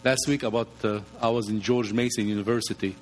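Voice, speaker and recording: A man's voice: fairly low pitch, steady tone, quick pace. A man, a guest speaker, giving practical advice in a plainspoken way with slightly nonstandard grammar. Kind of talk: conversational advice. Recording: reverberant room.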